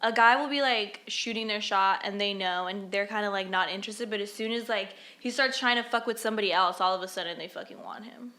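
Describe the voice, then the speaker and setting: Bright-voiced woman in frank chat. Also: medium pitch, quick pace, few pauses. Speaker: podcast co-host. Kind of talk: casual chat.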